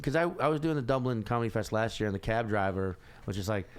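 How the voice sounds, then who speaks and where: A male comedian chatting as a podcast guest, telling animated, profane stories. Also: medium pitch, quick pace, smooth. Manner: animated, profane, storytelling with bursts of laughter. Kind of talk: casual podcast chat.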